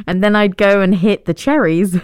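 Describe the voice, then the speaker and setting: A woman's voice: medium pitch, a little mellow, no room sound, clean studio sound. A young woman, hosting a podcast and telling stories in a chatty, self-deprecating way with frequent laughs. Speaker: podcast host. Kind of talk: casual storytelling monologue.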